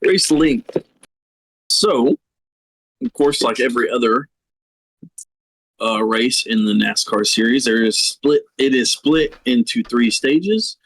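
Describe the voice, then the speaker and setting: A man's voice: medium pitch, lively intonation, takes it slowly, long pauses, a bit bright, breathy edge, no echo, low-quality recording. A man co-hosting a podcast in casual chat, playful with dry jokes. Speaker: podcast co-host. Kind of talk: casual chat reviewing race car paint schemes.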